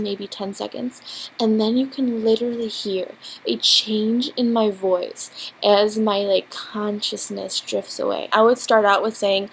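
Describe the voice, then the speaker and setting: Speaking into the built-in mic of her laptop, a young vlogger tells a storytime at home indoors, giggly and rambling with many fillers. Her medium-pitched voice holds a steady tone at a measured pace, and the rough recording carries slight background noise.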